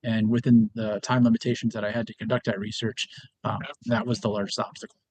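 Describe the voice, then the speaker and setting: An American man answering questions on a conference panel in a measured, explanatory way. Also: on the low side, flat delivery, darkish tone. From United States. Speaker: panelist presenting research.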